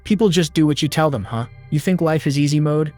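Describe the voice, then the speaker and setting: A hulking, brutal killer who growls and sneers out his taunting threats, as a recap narrator puts him on. The voice sits a touch lower than the narrator's usual telling. Faint music plays underneath. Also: brisk, darkish tone, lightly acted. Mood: menacing. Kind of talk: recap narration with read-out dialogue.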